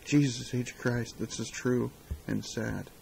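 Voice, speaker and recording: A man's voice: medium pitch, fairly even intonation, slow pace, creaky, a little mellow, a little hiss or hum, poor audio. A man co-hosting a casual live-stream talk show, wry and joking, muttering to himself as he fixes the stream. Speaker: podcast co-host.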